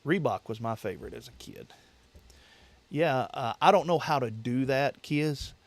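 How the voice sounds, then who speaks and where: A man's voice: medium pitch, moderate pace, dry recording. Rambling man hosting a casual livestream. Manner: rambling, repeats himself, laughs easily. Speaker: livestream host. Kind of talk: casual livestream chat with viewers.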